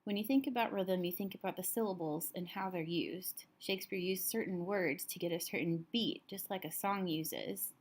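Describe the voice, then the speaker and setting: A woman teacher calmly walking students through a recorded lesson, explaining step by step, a little tired. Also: lowish voice, moderate pace, hardly any pauses.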